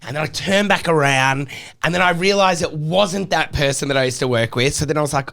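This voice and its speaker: A man co-hosting a podcast, telling a story in an animated, dramatic way. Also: on the high side, a little fast, gravelly. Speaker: podcast co-host. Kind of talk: casual storytelling chat.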